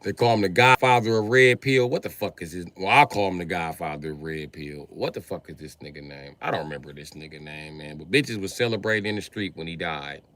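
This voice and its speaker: A man's voice: deep voice, brisk, few pauses, fairly bright tone, dry recording. A man hosting a livestream who talks in a heated, crude, combative rant. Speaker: livestream host. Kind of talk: profane live-stream rant. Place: livestream setup.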